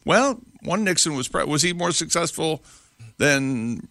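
Bright, gravelly-voiced teasing co-host man. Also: a little high, lively intonation, a little slow, no room sound. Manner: teasing, asks playful questions. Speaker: radio co-host. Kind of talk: casual morning-show banter.

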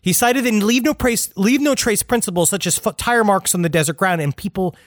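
Male co-host, high voice, dry close sound, crude joker. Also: fairly quick, dry recording. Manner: crude joking, breaks into silly baby voices. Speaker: podcast co-host. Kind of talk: casual chat.

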